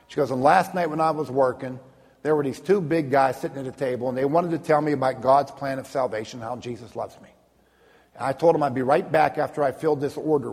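A man with a husky, gravelly voice giving a spoken personal testimony, telling the story plainly and deliberately with long lists and quoted dialogue. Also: medium pitch. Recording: long reverb of a large hall.

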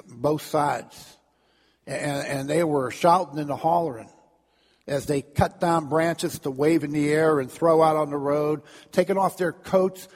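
Guy preaching a story sermon, stammers and repeats, does lively crowd voices, big echoey hall. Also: on the high side, husky. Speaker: pastor.

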